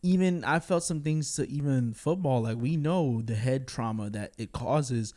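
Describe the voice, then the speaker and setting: A man's voice: medium pitch, moderate pace, warm tone. A man giving a casual, candid spoken film review, talking bluntly with frequent fillers and chuckles.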